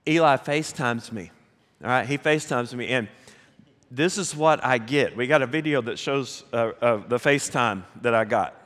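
A middle-aged man with a Southern American accent, a pastor telling a folksy, animated story with laughs during a sermon. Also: mid-range voice, normal speed. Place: large church sanctuary. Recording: long hall reverb.

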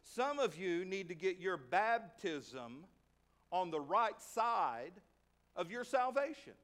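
A man preaching a sermon as pastor, emphatic and repetitive, swinging between loud stresses and quiet asides. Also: sits high, sing-song, slow pace. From Arkansas.

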